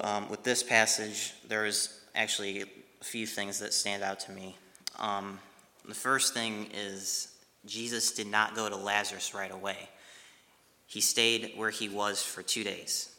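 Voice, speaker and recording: A man with a low, level voice that stays flat and does not rise and fall much, but has a bright, forceful edge. He retells scripture and then reflects on it, speaking haltingly with pauses and restarts. His voice rings with a long reverb in a hall. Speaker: devotional speaker.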